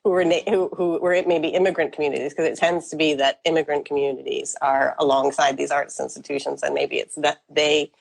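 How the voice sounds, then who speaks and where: A woman hosts an interview in a low voice, tentative and apologetic, picking her words with care. She laughs often between her phrases. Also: level tone, a little fast, gravelly, hardly any pauses, husky, low-quality recording. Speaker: interviewer host. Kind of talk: conversational interview.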